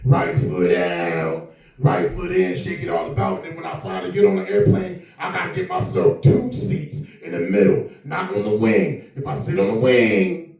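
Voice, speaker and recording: A man doing a rumbling, boastful big-guy comic. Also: wildly swooping pitch, moderate pace, darkish tone, recorded from a distance, faint music behind, heavily acted. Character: heavyset male comedian, boastful, rumbling. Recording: echoey room, mic from afar.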